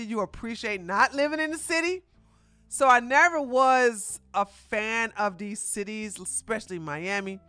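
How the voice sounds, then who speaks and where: A woman's voice: on the high side, bright, forceful tone, no echo. A streamer, likely a woman, giving rambling, mocking reaction commentary.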